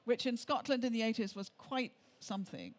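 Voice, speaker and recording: A woman's voice: on the high side, fairly quick. An older woman from England, an author and tour leader, telling chatty travel anecdotes on stage with frequent restarts.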